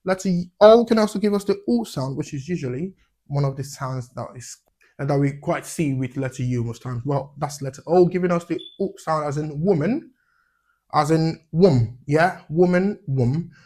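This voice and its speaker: A man teaching English letter sounds, saying each example word slowly and clearly and checking in with "yeah?". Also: fairly high pitch, a little mellow. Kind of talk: phonics lesson.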